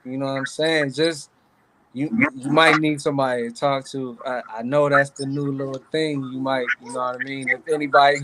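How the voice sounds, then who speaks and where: Male co-host, mid pitch, easygoing slang, noticeable background noise and clicks. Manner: quick agreeing interjections, relaxed slang. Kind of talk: casual live-stream chat.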